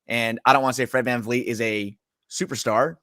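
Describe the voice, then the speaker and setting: A man's voice: medium pitch, steady tone, fairly quick, sharp tone, no echo, clean studio sound. A man hosting a sports radio show, talking casually and reading from the live chat. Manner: casual, rambling, with fillers.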